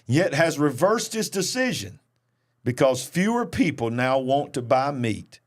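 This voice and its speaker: A man's voice: mid-range voice, a little slow. A man, a preacher hosting a news commentary show, reading headlines and commenting emphatically. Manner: animated, reads news then comments emphatically. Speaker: host and preacher.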